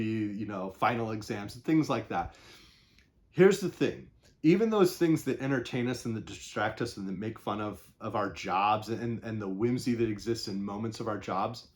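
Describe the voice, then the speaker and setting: A man talking through a novel in a casual, unscripted way, rambling and thinking aloud with frequent pauses. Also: mid-range voice. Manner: conversational, unscripted. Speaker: book reviewer. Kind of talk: casual book discussion.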